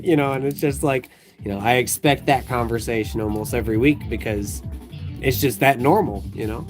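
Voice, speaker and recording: Sorting coins on a livestream, a man chats casually in a loose, rambling way, packed with fillers and frequent laughter. His voice is medium in pitch at a moderate pace, with music playing in the background.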